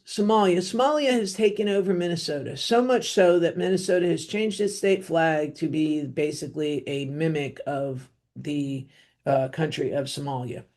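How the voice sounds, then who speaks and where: A middle-aged woman with a New Jersey accent hosts a solo podcast, delivering an opinionated monologue in a low, mellow, warm voice. Her tone is blunt and rambling, packed with fillers and throwaway asides.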